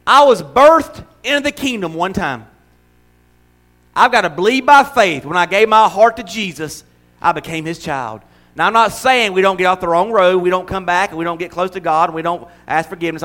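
A man with a notably high voice preaches to his congregation in a church. He swings between loud, drawn-out declarations and quick, quiet asides where he acts out little voices and laughs. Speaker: pastor. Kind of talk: sermon.

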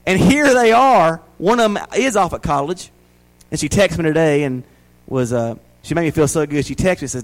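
A man in his forties preaches with a Southern US accent and a noticeably high voice for a man. He talks in a folksy, down-home way and keeps throwing rhetorical questions at his congregation. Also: expressive, normal speed, rough recording. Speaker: pastor. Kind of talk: sermon.

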